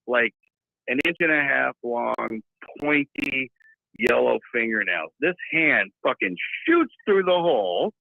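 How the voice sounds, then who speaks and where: A man telling a wild story in a casual, profane, animated way over a remote call. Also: mid-range voice, unhurried, vocal fry, no echo. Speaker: guest. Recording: tinny phone-like line, dry.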